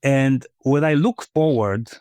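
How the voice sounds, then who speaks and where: A man talks as a podcast guest in an unhurried, conversational way, pausing with fillers as he thinks. His voice sits at a middle pitch. The recording is dry and close. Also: warm tone, no echo. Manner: thoughtful, with frequent fillers and restarts. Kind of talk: conversational interview.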